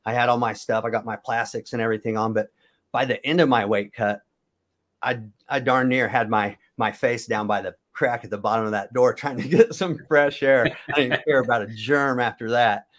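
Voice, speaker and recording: A man's voice: medium pitch, steady tone, moderate pace, fairly bright tone. A man in his fifties from Kansas, a former wrestler telling long stories in a casual interview, often correcting himself as he goes. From Kansas, USA. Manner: rambling, self-correcting storyteller.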